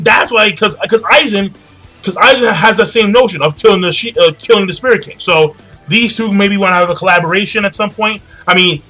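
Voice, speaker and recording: A young man in a loose, rambling recap, cursing freely and often doubling back on his words. His voice is high and bright, with a sharp edge. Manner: rambling, profane, repeats himself. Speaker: manga reviewer. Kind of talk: casual chapter recap.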